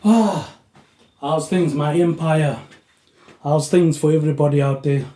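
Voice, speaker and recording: Rambling man with a mellow, echoey voice. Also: on the high side, steady tone, a little slow, a little hiss or hum. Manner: meandering, tags lines with "mate, eh". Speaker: vlogger. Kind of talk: rambling solo monologue. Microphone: phone tablet, no microphone. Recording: echoey room, no mic.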